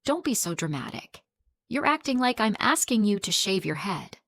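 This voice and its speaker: A woman's voice: medium pitch, sing-song, moderate pace, a bit bright, dry recording. Woman narrator doing a dismissive young bride, demanding, self-centred, dry close sound.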